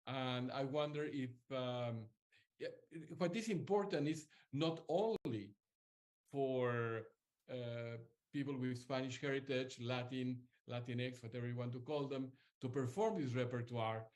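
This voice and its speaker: A man's voice: medium pitch, a little slow, a little mellow. A man hosting an interview, thoughtful and hesitant, often searching for his words. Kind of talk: conversational interview.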